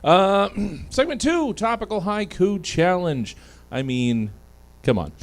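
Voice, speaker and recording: A male comedy host with an unhurried, drawn-out delivery and a lively pitch that swings up and down. He riffs loosely and breaks into laughter between lines. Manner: loose, joking, laughs often. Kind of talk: casual comedy hosting.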